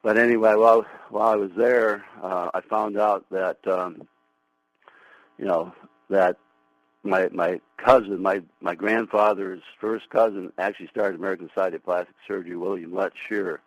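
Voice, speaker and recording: An older man, a plastic surgeon, rambles on a call to a radio show, stumbling over restarts. His voice is very low. The call sounds dry and close. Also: fairly even intonation, moderate pace, dry recording, poor audio.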